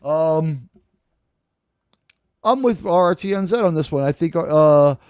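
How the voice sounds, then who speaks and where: Host, male, higher voice, rambling and jokey, dry close sound. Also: expressive, takes it slowly, darkish tone, clean tone, no echo. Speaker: podcast host. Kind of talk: casual live review chat.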